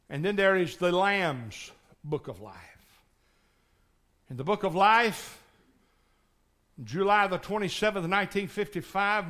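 A man in his sixties preaching a passionate sermon, shouting one moment and pleading quietly the next. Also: sits high. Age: 60s. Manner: impassioned, swings from shouting to hushed pleading. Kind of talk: revival sermon.

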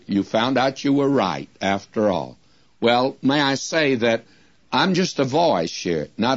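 An older man teaching the Bible as a radio preacher, slowing down and drawing out the words whenever he quotes scripture. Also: medium pitch, dry recording. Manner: slows to a drawn-out crawl when quoting scripture. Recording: muffled old radio broadcast recording.

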